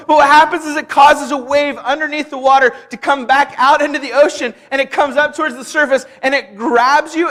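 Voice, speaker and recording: Animated young pastor in a reverberant church. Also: male voice, very high-pitched. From Kansas. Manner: animated, acts out dialogue with shouts and laughs. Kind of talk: sermon with storytelling. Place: church sanctuary. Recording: long hall reverb in a church.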